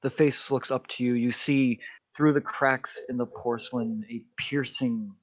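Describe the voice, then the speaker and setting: Slow-talking male game master. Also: medium pitch, fairly even intonation, no echo. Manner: descriptive, unhurried narration. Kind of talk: narrating a tabletop game. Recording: dull lo-fi mic.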